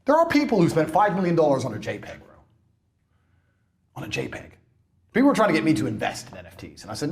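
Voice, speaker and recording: A man's voice: a little high, huge pitch swings, fast talker, long pauses. A man ranting on a podcast in a brash, mocking and emphatic way. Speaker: podcast guest. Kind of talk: provocative podcast rant.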